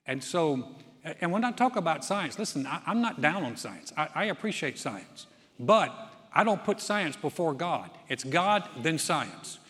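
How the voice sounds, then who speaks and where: A male pastor from North Carolina delivers a sermon. He talks in a folksy, conversational way with a somewhat high voice. Long reverb from a large church hall carries every line. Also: sing-song, unhurried, fairly bright tone.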